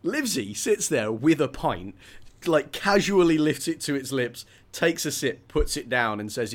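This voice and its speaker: Chatty man, animated book chat. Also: fairly high pitch, unhurried, hardly any pauses. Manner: animated, chatty, laughs often, acts out characters. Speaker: podcast co-host. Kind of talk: casual book discussion.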